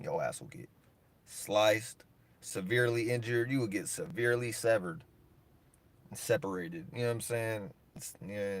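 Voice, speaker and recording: A man, ranting in a rambling solo monologue, profane and heated, swinging between loud bursts and low mutters. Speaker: monologuing creator.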